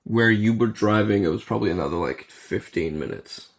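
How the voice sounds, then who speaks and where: A man's voice: on the low side, fairly quick, vocal fry. A man co-hosting a podcast in casual chat, rambling and explaining at length with many fillers. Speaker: podcast co-host.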